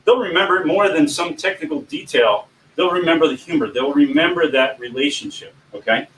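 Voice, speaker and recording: A man coaching people on giving presentations in an informal teaching talk, animated and often swinging his voice up and down. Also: fairly high pitch, brisk. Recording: echoey room, distant mic, faint background hum.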